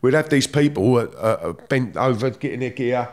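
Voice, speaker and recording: A man's voice: medium pitch, lively intonation, normal speed. A middle-aged man with a London accent, telling stories from his past in blunt, streetwise slang, swearing freely. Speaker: guest. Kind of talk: casual storytelling.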